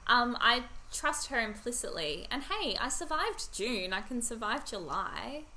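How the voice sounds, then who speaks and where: A woman's voice: a little high, very animated, a little slow, pushed and bright, rough recording. A young woman co-hosting a podcast, upbeat and giggly in casual chat over a video call. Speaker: podcast co-host and yoga teacher.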